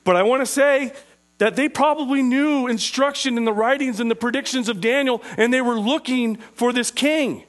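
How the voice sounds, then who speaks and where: High-pitched male preacher, interactive teaching sermon, quizzes the room, stretches out key phrases. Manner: asks the listeners questions, slows down on key phrases.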